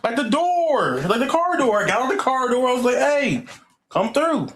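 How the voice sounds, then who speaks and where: A man's voice: extremely high pitch, sing-song, brisk, a bit bright, reverberant, slight background noise. A man on a casual panel debate, joking and laughing and dodging questions. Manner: joking, laughing, evasive, trolling. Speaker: panel guest.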